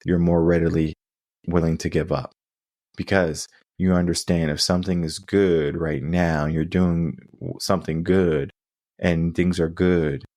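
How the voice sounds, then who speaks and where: A man's voice: low voice, level tone, measured pace, a little mellow, dry recording, clean studio sound. A man hosting a coaching podcast, talking through stories and lessons in an earnest way, often checking in with asides. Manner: earnest storytelling with frequent asides. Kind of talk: solo coaching monologue.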